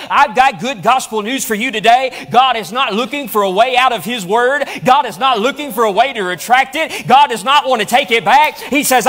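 A man with a high voice preaches from the pulpit, his delivery rising and swelling through repeated phrases. He preaches in a church hall. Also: fairly bright tone. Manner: preaching with rising emphatic repetition. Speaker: pastor. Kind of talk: sermon. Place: church auditorium.

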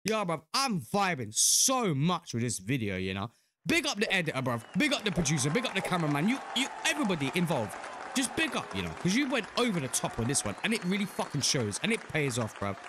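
A young British man hosting a reaction video, talking in excited casual commentary full of slang and cheers. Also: on the high side, quick pace, a crowd in the background, background noise. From United Kingdom.

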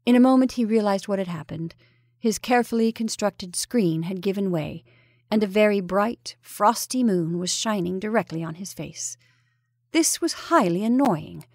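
A woman storyteller reading a ghost story aloud with measured, even narration. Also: mid-range voice, no echo, clean studio sound.

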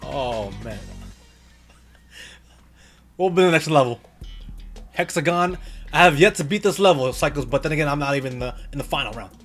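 A young man commentating his own gameplay, excitable, cursing and often yelling at the game. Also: fairly high pitch, normal speed, long pauses, soft background music. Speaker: gaming YouTuber. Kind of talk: excited let's-play commentary.

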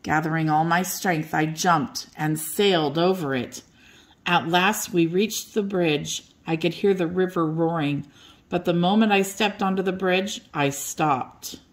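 An older woman reading a children's bedtime story aloud as the storyteller, gentle and expressive. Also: on the low side, a little slow.

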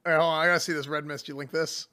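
A man's voice: a little high, little pitch movement, racing, noisy background. A young man reacting to clips of his own streams in casual, slangy commentary, laughing often.

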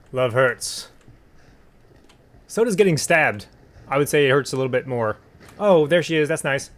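A man talks through a horror game on a livestream, riffing with dry, joking asides. His voice sits slightly high for a man. A faint hiss runs under the recording. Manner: joking, deadpan asides, sudden yelps at scares. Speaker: game streamer. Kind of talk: live horror gameplay commentary.

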